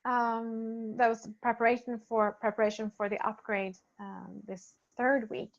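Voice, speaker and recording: A woman spiritual healer talking casually, gently and hesitantly, as she reads and answers feedback from participants. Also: a little high, flat delivery, creaky. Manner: soft-spoken, gentle, hesitant with many pauses and fillers. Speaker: spiritual healer leading a program. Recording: dull lo-fi recording.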